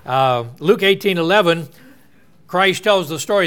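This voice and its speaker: Man, preacher, earnest sermon, slightly high-pitched, explains scripture. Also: animated, unhurried, fairly bright tone, clear, resonant tone.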